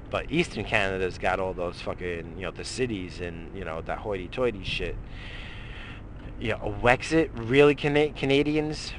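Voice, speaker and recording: Slight background noise accompanies a middle-aged morning-show host as he rants about politics, swearing constantly and restarting his rambling lines. His voice sits on the low side with a somewhat bright quality.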